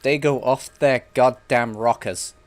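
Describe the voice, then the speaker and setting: A man's voice: mid-range voice, fairly even intonation, a little slow, dry recording, faint music behind. Young guy rambling thru a game stream, jokey, swears a bit. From England. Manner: rambling, joking, swears casually. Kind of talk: casual gameplay chat.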